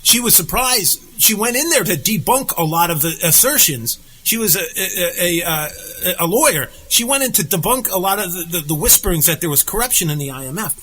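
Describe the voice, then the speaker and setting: A man's voice: high voice, fairly quick, few pauses, a little hiss or hum, poor audio. A man co-hosting a casual talk show, telling stories animatedly and acting out the quotes. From United States. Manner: animated storyteller, acts out quotes. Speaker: podcast co-host. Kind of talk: casual political chat.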